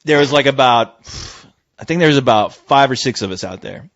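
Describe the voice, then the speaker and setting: A man co-hosting a podcast, telling a story in casual chat, swearing and breaking into shouted impressions. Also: medium pitch, brisk, no room sound. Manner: animated, swearing, jumps into loud shouted impressions of people. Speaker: podcast co-host. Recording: dry, dull lo-fi audio.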